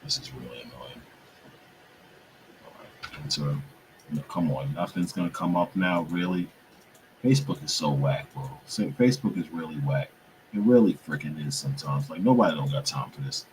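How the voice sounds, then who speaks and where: A man's voice: extremely low pitch, brisk, darkish tone, slight background noise, low-quality recording. A young man hosting a show, talking casually to viewers while he struggles with his computer, muttering and swearing to himself in frustration. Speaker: podcast host.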